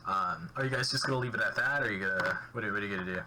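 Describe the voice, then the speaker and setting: A man narrating a tabletop role-playing game as game master, halting with many fillers and restarts. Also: fairly low pitch. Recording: faint background noise.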